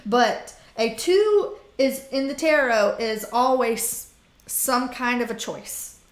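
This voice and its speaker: A woman's voice: fairly high pitch, takes it slowly, echoey room. A woman doing a casual tarot reading for the zodiac signs, talking in a chatty, blunt way with fillers, swearing and laughter. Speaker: tarot reader.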